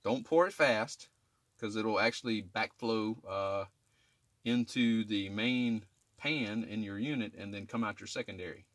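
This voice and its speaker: A man's voice: on the low side, measured pace, fairly bright tone, no room sound. A middle-aged man, an HVAC technician, talking through a drain line cleaning in a casual how-to, often checking in with "okay?". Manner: plain-spoken, repeats "okay?" to check in with viewers. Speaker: HVAC technician demonstrating maintenance. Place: residential attic. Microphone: camera filming himself while working.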